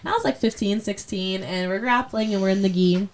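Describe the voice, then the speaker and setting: A young adult woman, a martial arts fighter, telling stories in a relaxed, matter-of-fact way as a podcast guest. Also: mid-range voice, fairly quick. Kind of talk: casual interview chat.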